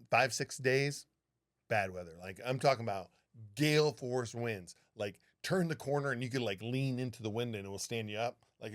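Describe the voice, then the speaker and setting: A man co-hosting a podcast, telling a story in casual, animated talk with a lot of swearing. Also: medium pitch. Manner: animated, profane, acts out what people said. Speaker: podcast co-host, flight attendant.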